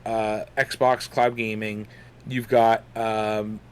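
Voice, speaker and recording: A man's voice: fairly low pitch, level tone, extremely slow, clean tone. A young man co-hosting a casual gaming podcast, rambling with lots of fillers while chewing gum. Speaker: podcast co-host.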